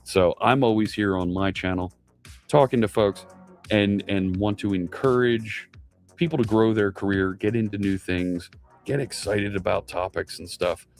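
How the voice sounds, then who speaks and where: Middle-aged male streamer, lower voice, loose and chatty with viewers, faint music bed underneath. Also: normal speed. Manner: chatty, reads chat aloud, many fillers. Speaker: live coding streamer. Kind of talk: casual live stream chat with viewers.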